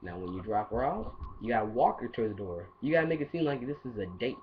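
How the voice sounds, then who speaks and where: A man's voice: medium pitch, very animated, quick pace. A man giving casual dating advice in a rambling, playful monologue full of asides. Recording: dull lo-fi audio with faint hiss.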